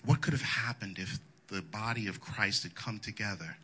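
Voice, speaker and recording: A man's voice: fairly low pitch, moderate pace, bright, forceful tone. A male pastor preaching a sermon in a folksy, colloquial way, wandering into asides.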